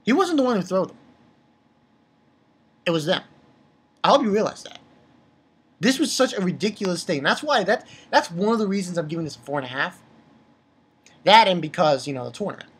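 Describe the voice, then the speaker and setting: A woman's voice: on the low side, sing-song, fairly quick, long pauses, husky. A woman reviewing manga chapters in a casual, profane, exasperated rant. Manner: exasperated, profane, heated outbursts.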